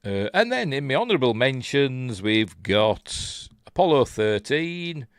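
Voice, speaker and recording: A man's voice: medium pitch, big pitch swings, a little slow, dry recording, clean studio sound. An older man from Yorkshire with a Yorkshire accent, hosting a rambling, chuckling casual live-stream chat and reading out viewer comments. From Yorkshire, England. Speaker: host.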